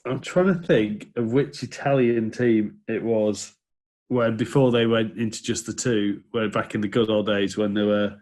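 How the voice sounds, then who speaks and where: A man's voice: fairly low pitch, steady tone, normal speed, darkish tone. A man, a former rugby player, chatting casually on a podcast, jokey and thinking aloud as he recalls things. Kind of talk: casual chat.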